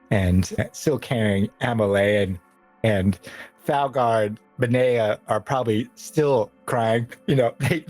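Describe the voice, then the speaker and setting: A man's voice: on the low side, darkish tone. A man narrating a tabletop role-playing game as game master, casual and rambling.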